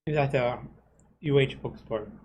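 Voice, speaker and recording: A man's voice: medium pitch, normal speed, a little mellow, highs cut off. A man streaming gameplay and ranting heatedly, swearing often and asking "you know what I'm saying?" again and again. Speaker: game streamer. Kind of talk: casual rant while streaming gameplay.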